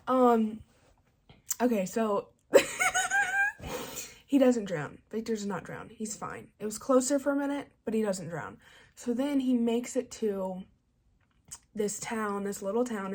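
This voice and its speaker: A young woman book vlogger excitedly retelling a novel's plot in a chatty way, full of "like" and paraphrased character lines. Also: medium pitch, breathy edge. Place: home, early morning.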